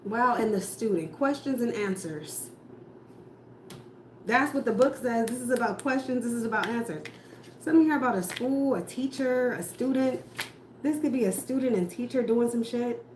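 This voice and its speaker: A woman's voice: on the high side, animated, normal speed, a little mellow. A woman giving a casual tarot reading, blunt and profane, firing off rhetorical questions as she rants about what the cards show. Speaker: tarot reader. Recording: echoey room with faint noise.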